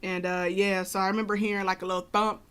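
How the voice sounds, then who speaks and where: A woman's voice: medium pitch, flat delivery, quick pace, fairly bright tone, smooth. A woman co-hosting a podcast, telling a personal story casually with many fillers and asides. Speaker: podcast co-host.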